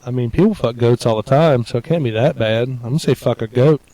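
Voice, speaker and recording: A blunt young man talks through crude hypothetical questions, swearing freely and reasoning out loud. His voice sits at a middle pitch for a man. The talk is loose, joking banter on a radio show. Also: fast, dry recording, poor audio.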